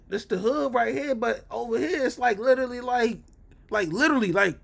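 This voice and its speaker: A man telling a story in casual chat, animated and jumping into loud, high exclamations. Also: fast talker, creaky. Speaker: reaction streamer.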